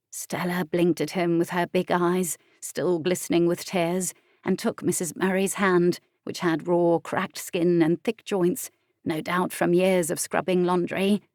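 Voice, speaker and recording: A woman narrating an audiobook with expressive storytelling. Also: lowish voice, measured pace, dry recording, studio quality.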